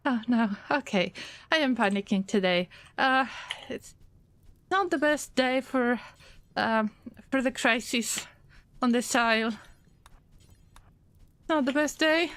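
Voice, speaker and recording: A woman streamer giving gameplay commentary, fretting out loud and talking straight to her colonists as if they could hear her. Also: a little high, measured pace, pauses often, dry recording. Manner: frets aloud and talks to her colonists. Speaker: game streamer.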